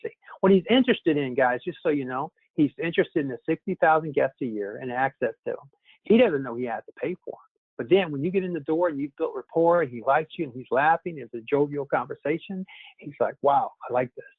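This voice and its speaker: A man's voice: on the high side, fairly quick, breathy edge, no room sound. A man running a sales training session, coaching his listeners in an upbeat way and often calling them "guys". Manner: upbeat, coaching, keeps addressing the group as "guys". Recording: tinny phone line, dry.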